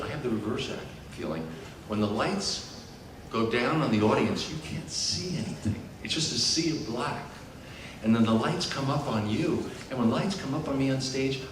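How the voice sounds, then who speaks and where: A man, a voice actor on a fan convention panel, telling animated stories and moving from hushed to loud. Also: mid-range voice. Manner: animated storyteller, lively swings from hushed to loud. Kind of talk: storytelling panel Q&A. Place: large convention hall. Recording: roomy distant convention hall recording with noise.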